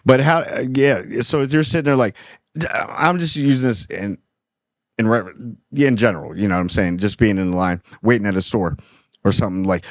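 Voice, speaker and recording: Talking a little fast in a lowish voice, this small YouTube channel host delivers an earnest, casual monologue on kindness, rambling and frequently restarting. The lo-fi recording is dull and dry.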